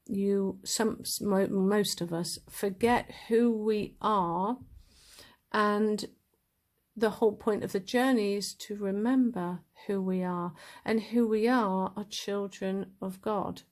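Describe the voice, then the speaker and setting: A woman giving a casual spiritual talk as a tarot reader, animated and upbeat with lively swings in her voice. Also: mid-range voice.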